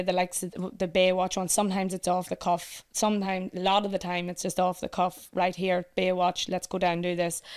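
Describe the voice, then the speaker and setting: A woman's voice: on the low side, smooth. Chatty Irish woman guest. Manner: chatty, animated, quick to laugh. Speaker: guest, runs a competition page. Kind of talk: casual chat.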